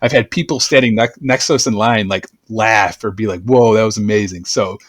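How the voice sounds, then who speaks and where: Brief: a relaxed male host chatting, dry recording. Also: lowish voice, brisk, dry recording. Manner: relaxed and chatty, many fillers. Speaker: podcast host. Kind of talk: casual podcast chat.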